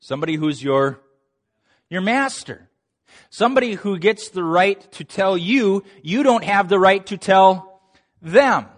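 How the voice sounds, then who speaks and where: A middle-aged man delivering a sermon in a fairly high voice. He preaches with animated energy, leaping up in pitch when he acts out quoted lines and dropping low for emphasis. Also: unhurried, pauses often.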